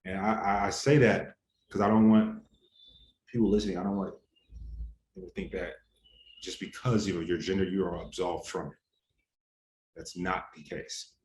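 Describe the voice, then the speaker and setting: A man's voice: low voice, little pitch movement, moderate pace, long pauses, a little mellow, slight background noise. A young adult man answering interview questions in an earnest, heated, casual way full of slang. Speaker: interview guest. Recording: roomy echo, faint ambience.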